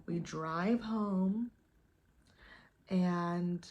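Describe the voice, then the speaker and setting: A young woman vlogger casually telling a dating story, animated, swearing and exasperated. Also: on the low side, extremely slow, muffled recording.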